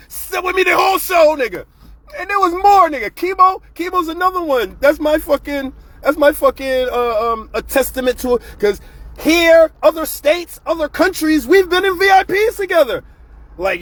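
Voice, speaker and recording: A man's voice: extremely high pitch, lively intonation, moderate pace, fairly bright tone, no echo. A man hosting his own show, ranting bluntly and profanely in a casual, fired-up monologue. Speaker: show host.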